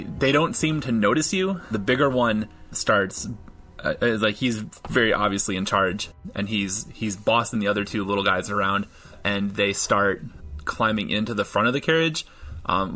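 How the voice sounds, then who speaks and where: A man's voice: on the low side, sharp tone. A man narrating a tabletop role-playing game as dungeon master in a loose, hesitant way. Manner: casual, hesitant with many fillers.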